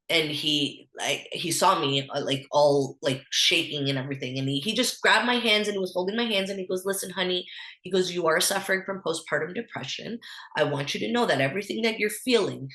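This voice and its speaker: A woman's voice: on the low side, fairly bright tone. A woman in her thirties with a Canadian accent, a podcast guest telling a personal story candidly, with lots of fillers. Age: 30s. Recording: echoey room.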